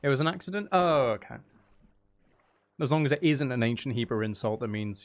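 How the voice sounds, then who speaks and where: A man's voice: medium pitch, expressive, fairly quick. A man streaming a video game, chatting to his viewers in a loose, rambling way. He jokes and mocks himself as he plays. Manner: playful, self-mocking, jokey. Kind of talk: casual chat while live-streaming a video game.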